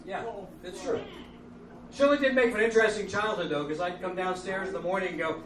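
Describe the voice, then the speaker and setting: A man's voice: high voice, quick pace, a bit bright, slight background noise. A man trading dry comebacks with his partner in a live comedy double act. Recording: echoey live club from a distant mic with crowd.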